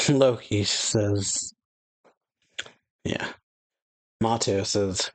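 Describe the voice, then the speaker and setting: A man's voice: fairly low pitch, slow, creaky, long pauses, no room sound, poor audio. A man hosting an anime reaction, casually reading a manga chapter aloud with many fillers and restarts.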